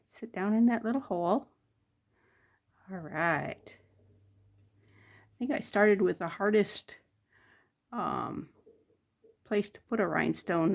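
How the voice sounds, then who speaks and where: A woman's voice: mid-range voice, gravelly. An older woman chatting casually as she works on jewelry, muttering to herself between remarks. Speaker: jewelry crafter. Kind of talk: casual crafting chat.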